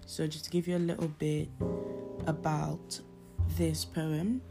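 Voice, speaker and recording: A young woman with a low voice reads her own spoken word poetry, her delivery intense and emotional. Guitar music plays clearly behind her. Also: little pitch movement, measured pace. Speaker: poetry podcast host.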